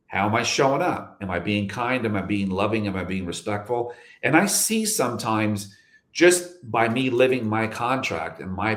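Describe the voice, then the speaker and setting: A man's voice: fairly low pitch, echoey room. A man talking in an interview as a guest, emphatic, repeating phrases and asking rhetorical questions. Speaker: guest, security chief and health advocate. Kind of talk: reflective interview talk.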